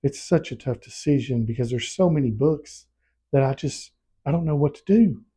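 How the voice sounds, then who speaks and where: A man's voice: medium pitch, moderate pace, slightly rough. A man, a book vlogger chatting casually and animatedly retelling a story. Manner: animated storytelling, acts out scenes. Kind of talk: casual book review chat.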